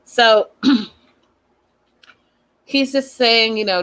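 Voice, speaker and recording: A woman's voice: mid-range voice, animated, normal speed, a bit bright. A woman hosting a casual reality TV recap, chatty and opinionated, talking straight to her viewers. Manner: chatty, addresses viewers directly, lots of "like"; opinionated, thinks aloud. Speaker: host.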